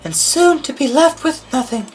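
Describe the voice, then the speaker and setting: Shy schoolgirl reader, voiced by a man: much higher than his own voice, breathy, gentle and hesitant. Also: animated, moderate pace, faint music behind. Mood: thoughtful, gentle. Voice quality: high-pitched, breathy. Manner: gentle, thoughtful, a little hesitant. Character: shy, formal teenage girl, soft-spoken bookworm.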